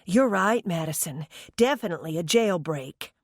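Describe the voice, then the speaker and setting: A woman's voice: mid-range voice, very animated, unhurried, no room sound, clean studio sound, voice pushed up. A woman voicing an indulgent, sarcastic older mother with a whispery voice in an audiobook. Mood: scolding. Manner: teasing, scolding.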